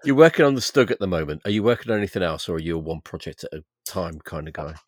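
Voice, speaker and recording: A man's voice: low-pitched, lively intonation, rapid-fire, slightly rough, dry recording. A man hosting a casual podcast, joking around and asking the guest questions. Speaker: podcast host.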